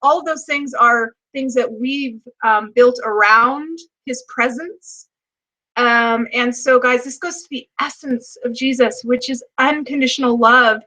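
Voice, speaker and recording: A young adult woman hosts a spiritual healing show, her tone bright and her voice a bit high. She talks in an earnest, emotional way with plenty of fillers. She guides her listeners gently through a meditation. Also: low-quality recording. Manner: slow, deliberate chanting of number codes. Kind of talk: guided meditation and casual talk.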